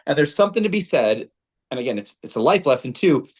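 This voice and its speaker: A man, a former player, analyzing football in casual talk, animated and full of "you know" fillers. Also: a little high, quick pace, breathy edge. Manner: animated, filler-heavy, repeats phrases.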